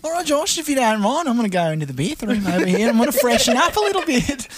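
A man plays a chatty Australian woman on a date, her voice high and swooping with big melodic leaps. The put-on Australian accent is bold and playful, and she talks in a mock-dainty way. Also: sing-song, fast talker, over a noisy crowd. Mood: flirty.

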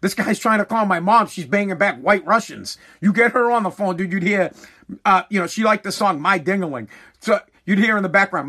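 A middle-aged man doing stand-up comedy with a high-pitched voice. His tone is bright and cutting, and he talks in quick, profane bursts. He keeps breaking off into asides and acted-out quotes. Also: expressive. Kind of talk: stand-up storytelling.

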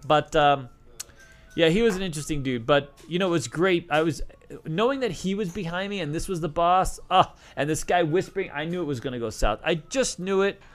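This man's voice is fairly high and a little quick. Once a craps dealer and now middle-aged, he rambles casually through answers and anecdotes in a storytelling Q&A, often using fillers and starting over.

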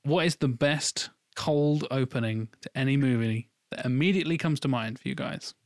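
A man's voice: mid-range voice, normal speed, dry recording. Dry-witted man, close dry sound. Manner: dry, wry remarks. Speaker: podcast co-host. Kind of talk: casual chat.

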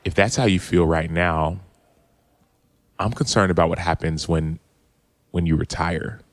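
Deep-voiced man telling a heartfelt story. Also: fairly even intonation, a little slow, no room sound. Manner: earnest, open, retelling quotes with frequent restarts. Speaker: podcast guest, former football player. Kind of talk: reflective storytelling.

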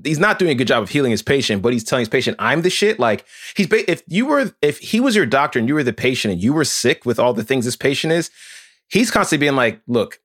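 A man co-hosting a podcast in casual chat, animated and profane, acting out quotes in put-on voices. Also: mid-range voice, quick pace, no echo, clean studio sound. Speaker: podcast co-host.

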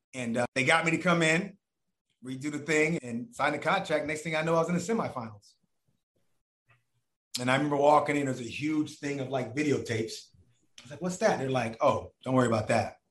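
Brief: man, storyteller, slightly high voice, animated and profane, echoey room. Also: a little fast, long pauses. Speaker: guest telling a story. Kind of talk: casual storytelling.

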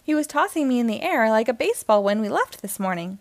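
A woman's voice: on the high side, very animated, quick pace, no echo. Storybook piggy bank toy, male, cheerful and boastful, put on by a woman reader. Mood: cheery. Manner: boastful and chatty.

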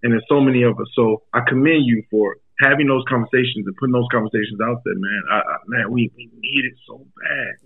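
A man's voice: mid-range voice, fast, gravelly, few pauses, husky. A man, a comedian and guest on a podcast, speaking earnestly and often stumbling and repeating his words. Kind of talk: casual chat. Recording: tinny phone-like line.

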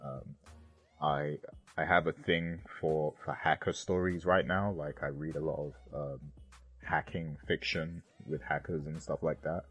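A man's voice: rumbling low, steady tone, unhurried, slightly rough, faint music behind. A man co-hosting a casual podcast, rambling with many ums and you-knows. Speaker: podcast co-host.

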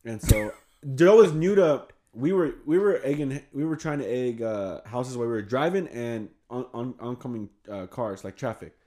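A young man telling stories in casual chat. He talks with slang and swearing, laughs often, and gets loud when acting out his friends. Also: mid-range voice, expressive, moderate pace. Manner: slangy and profane.

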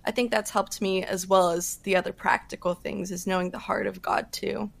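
A woman speaking as a podcast guest, giving earnest faith testimony in casual talk with quick bursts and fillers. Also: medium pitch, little pitch movement, creaky. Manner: earnest, fast-talking with fillers.

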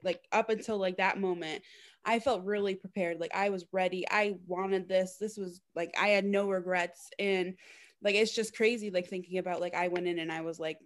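A woman's voice: lowish voice, steady tone, moderate pace. A woman guest in a casual podcast chat, talking hesitantly with many fillers.

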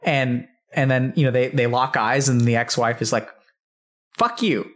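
A man's voice: medium pitch, moderate pace. A man hosting an interview, telling a story casually and acting out voices, swearing freely. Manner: animated, swearing, acts out voices in stories. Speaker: interview host.

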